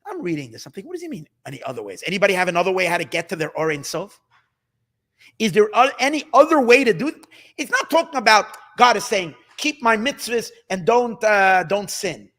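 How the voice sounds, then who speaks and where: Casting note: excitable male rabbi in a Torah class, high voice that swoops up and down. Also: quick pace. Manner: excitable, emphatic, mixes Hebrew and Yiddish terms, repeats phrases. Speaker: rabbi teaching Hasidic text. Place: study hall.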